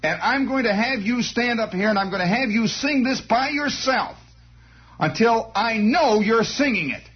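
A bossy female music teacher, put on by a male storyteller, scolding the class in a prim, drawn-out, sing-song way. Her voice climbs above his own as she nags. The recording is dull and lo-fi. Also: extremely high pitch, animated, husky, pitched above the performer's own voice, full character voice. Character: prim fussy female schoolteacher, middle-aged, bossy.

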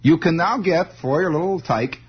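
On a lo-fi old radio broadcast, a late-night host rambles through a monologue with sing-alongs, sounding wry, sardonic and mock-grumpy. His voice is a little high and slightly rough, at normal speed.

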